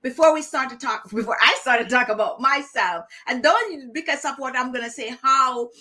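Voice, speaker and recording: A woman's voice: high-pitched, moderate pace, pushed and bright. A woman hosting a casual chat show for her viewers, talking directly to them in a chatty way and often repeating herself. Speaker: beauty channel host.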